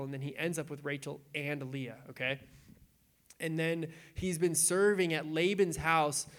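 A young adult man preaching in a casual, animated way, retelling scripture with acted-out quotes. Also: on the high side. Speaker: pastor.

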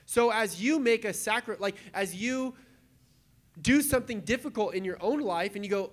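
Like a pastor chatting with his congregation, a high-voiced man delivers a casual, conversational sermon in a loose style. He's animated, tossing in quick asides and slipping into acted-out voices to make his points.

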